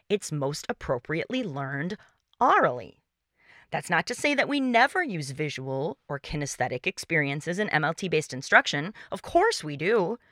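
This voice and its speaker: A woman hosting a solo podcast, explaining music teaching ideas in a clear, measured way. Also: low voice, sharp tone, no echo, studio quality. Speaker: podcast host.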